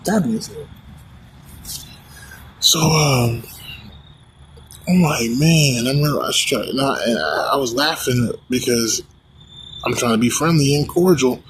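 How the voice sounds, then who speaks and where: A man's voice: medium pitch, fairly bright tone, slight background noise, poor audio. Man ranting casually, rambling and profane. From United States. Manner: rambling, profane, many restarts. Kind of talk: casual rant to camera.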